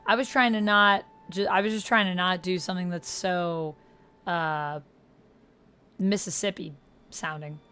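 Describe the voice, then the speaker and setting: A woman's voice: lowish voice, fairly even intonation, unhurried, pushed and bright, clean tone. A woman live-streaming a video game, casually reading out menu options and chatting with her viewers. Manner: reads menu options aloud, chats with viewers.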